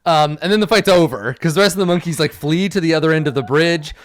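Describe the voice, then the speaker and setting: Game master narrating a tabletop fight, relaxed and chatty, mid-pitched. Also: fast talker. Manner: casual, laughing often.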